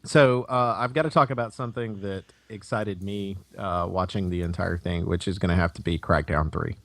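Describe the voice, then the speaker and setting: A man's voice: sits low, steady tone, normal speed, no echo. A man co-hosting a gaming podcast in casual chat, rambling with lots of fillers and swearing freely. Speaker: podcast co-host.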